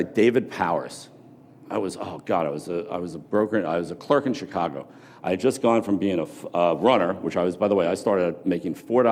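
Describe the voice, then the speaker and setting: Middle-aged male keynote speaker, animated storyteller, low voice, long hall reverb. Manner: animated storyteller, shouts to rouse the crowd. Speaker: motivational speaker. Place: large hall with an audience.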